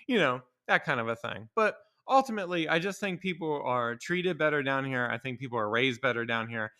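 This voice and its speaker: A man's voice: medium pitch, lively intonation, fairly quick, few pauses, sharp tone, smooth. A young man hosting a solo podcast, ranting with opinions, swearing a lot and laughing as he talks. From Maryland. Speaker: podcast host.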